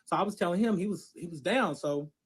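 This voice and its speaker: A man's voice: high voice, fast, breathy edge. A man telling a personal story in a series, dramatic and full of swearing, acting out what others said. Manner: profane, dramatic, quotes others in voices.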